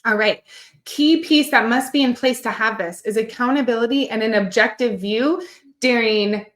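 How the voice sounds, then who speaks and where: A woman's voice: on the high side, moderate pace, roomy sound. A young woman nutrition coach teaching a live online masterclass, upbeat and encouraging, often checking in with her listeners.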